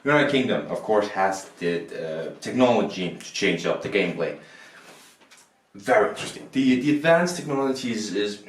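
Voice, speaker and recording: Rules and opinions spill out casually as this Danish man, a native Danish speaker, reviews a board game indoors at a table, restarting sentences often and poking fun at himself. His lowish voice is animated and moves at a moderate pace. It's a self-recorded camera mic, with a roomy echo and faint background noise.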